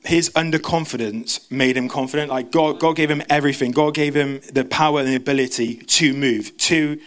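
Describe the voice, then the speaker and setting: A man preaching a sermon, talking fast with frequent restarts and stumbles. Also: medium pitch, fairly even intonation, fairly bright tone. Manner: fast, stumbling, self-interrupting.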